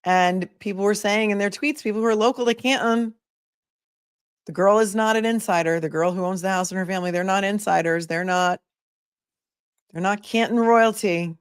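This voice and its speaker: A woman's voice: medium pitch, moderate pace, clear, resonant tone, no room sound, clean studio sound. A woman attorney hosting a casual livestream, chatting with viewers and thinking aloud with many asides. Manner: reads viewer messages aloud. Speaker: attorney and commentator.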